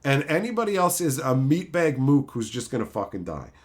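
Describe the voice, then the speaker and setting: Animated ranting male streamer. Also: mid-range voice, a little fast. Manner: profane, animated ranting with mocking put-on voices. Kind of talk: casual chat.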